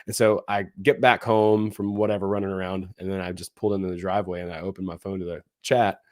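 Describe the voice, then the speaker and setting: A man co-hosting a casual talk, chatting in an animated way, often acting out quoted voices with lots of fillers. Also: low-pitched, quick pace, dry recording, clean studio sound. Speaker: co-host, comedy show producer. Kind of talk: casual conversational chat.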